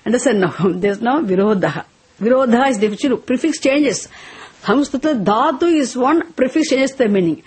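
A woman leads a Sanskrit lesson, speaking slowly and deliberately so each word lands. Her voice is a bit husky and breathy, and she often pauses for students to repeat after her. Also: a little high, animated, a little mellow. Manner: slow deliberate explaining, switching into Tamil and chanting verses. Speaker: Sanskrit and scripture teacher. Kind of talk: class lesson with call-and-response recitation.

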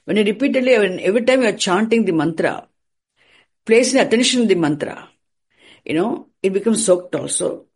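A teacher lectures a class in a husky, breathy voice at a middle pitch. The delivery is explanatory and repetitive, circling back over phrases and throwing out questions only to answer them. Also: animated, a little fast. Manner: repeats and restarts phrases while explaining.

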